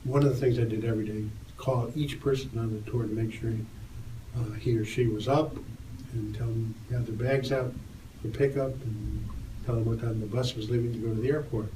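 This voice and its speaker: A man's voice: medium pitch, brisk, noisy background. An older man, a guest in an interview, telling stories and lifting his voice as he acts out the dialogue. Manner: lively storyteller, raises his voice for quoted dialogue. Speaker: interview guest, tour photographer. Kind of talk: animated anecdote storytelling. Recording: roomy, distant mic, faint ambience.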